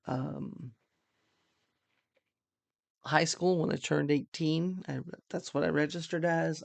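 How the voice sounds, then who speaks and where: A woman's voice: deep voice, gravelly, darkish tone, no echo. An older woman hosting a casual political monologue, chatty and joking, sounding tired late at night. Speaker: podcast host.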